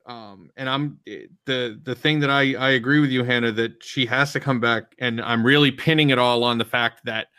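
A man talking casually in a podcast discussion, animated and rambling with restarts. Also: mid-range voice, moderate pace, few pauses, smooth, no room sound. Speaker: podcast co-host. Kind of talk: casual chat.

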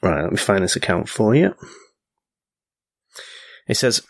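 A man's voice: fairly low pitch, very animated, a little slow, gravelly, long pauses, no echo. A man co-hosting a podcast, chatting casually with fillers and restarts, and reading an old folk tale aloud.

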